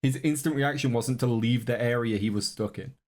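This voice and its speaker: A man's voice: mid-range voice, brisk, a little mellow. A man streaming a reaction to a video, chatting casually to his viewers with rambling, joking asides.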